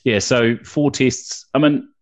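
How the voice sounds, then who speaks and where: A man's voice: mid-range voice, steady tone, takes it slowly. A New man hosting a casual sports podcast, chatting loosely and swearing freely. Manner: swears freely, laid-back banter. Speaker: podcast host.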